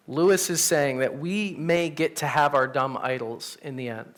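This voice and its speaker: A man, a pastor, teaching an adult Sunday class in a church room, telling stories in a casual, animated way. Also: a little high, moderate pace, few pauses. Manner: animated, storytelling, conversational with fillers. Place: church classroom with teens present.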